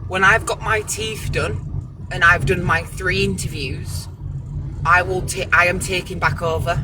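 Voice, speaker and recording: A man's voice: sits high, fairly even intonation, unhurried, background noise. Restless British man rambling in a car. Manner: rambling, restless, self-talk with many restarts. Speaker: vlogger. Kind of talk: casual vlog monologue. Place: parked car.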